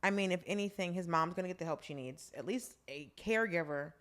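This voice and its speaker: A woman co-hosting a podcast casually recaps a drama, acting out the characters' lines as an animated storyteller. Her voice is lowish and her pace quick.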